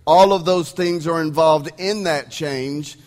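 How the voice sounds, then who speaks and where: A man's voice: a little high, slow, darkish tone, long reverb tail. A man with an East Texan accent preaching a sermon as pastor, emphatic and conversational, leaning on rhetorical questions. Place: church sanctuary. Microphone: sound system.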